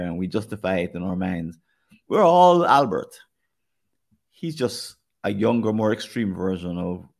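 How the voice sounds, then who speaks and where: Slightly mellow and on the low side, this man's Jamaican-accented voice is heard in a podcast conversation. He works through his thoughts carefully, often starting his sentences over.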